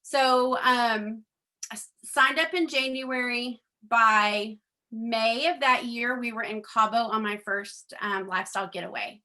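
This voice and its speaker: A middle-aged woman, a network marketing speaker, tells a chatty personal story to a group, acting out quoted conversations and calling her listeners "guys." Her voice is fairly high, bright and forceful, with a steady tone and a slightly slow pace, and she uses a lot of ums.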